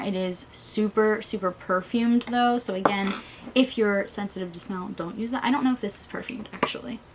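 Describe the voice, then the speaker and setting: A beauty vlogger chats her way through unboxing a beauty box, talking fast and letting sentences trail off as she recovers from a migraine. Her voice is on the high side, and the small, stuffy room carries slight background noise.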